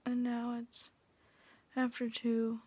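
A woman's voice: a little high, completely flat delivery, slow pace, a little mellow, breathy edge, no room sound. A young woman vlogging at home late at night, venting her frustration, swearing and often dropping into a whisper. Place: at home indoors.

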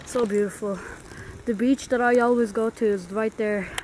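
A young woman chatting excitedly to her handheld camera while walking around outdoors, filling her talk with "like" and "guys". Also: fairly high pitch, moderate pace. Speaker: vlogger. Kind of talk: casual travel vlog. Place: outdoors on a hot hillside and beach. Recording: noisy outdoor camera audio with wind.

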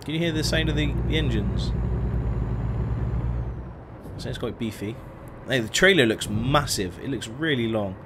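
A young man talks loosely through a live game stream, reading out viewer names and reacting as he goes. His voice sits at an ordinary middle pitch, and a faint truck engine rumbles under it. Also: animated, unhurried, long pauses, noisy background. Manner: chatty, greets chat viewers by name. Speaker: gaming streamer. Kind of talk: casual live-stream commentary.

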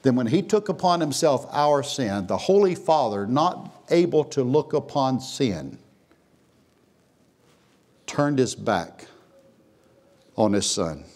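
Man preaching with sweeping, lively pitch. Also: takes it slowly, pauses often. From Texas. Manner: preaching with big swings, dropping to a hush then rising to a near shout. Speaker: pastor. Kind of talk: sermon. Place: church sanctuary.

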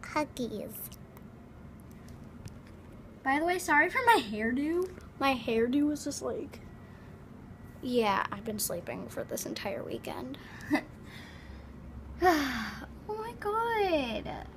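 A woman's voice: high voice, expressive, unhurried, slight background noise. A woman giving casual game commentary, chatty and giggly, full of dramatic exclamations. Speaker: gameplay commentator.

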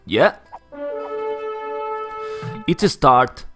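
A man with a Spanish accent, Spanish as his first language, giving excitable live commentary on a strategy game and calling everyone "man". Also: mid-range voice, very slow, over music. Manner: excitable, keeps saying "man", surges into shouts when hyped. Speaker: esports caster.

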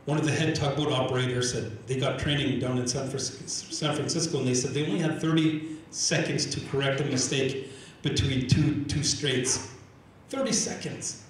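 A man's voice: medium pitch, normal speed, few pauses, far from the mic, slight background noise. A man from Canada giving a live public talk as an Indigenous organizer, telling stories and acting out the exchanges he describes, often repeating words as he restarts. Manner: animated storyteller acting out quoted exchanges. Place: large event room with audience. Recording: very roomy hall echo, faint ambience.

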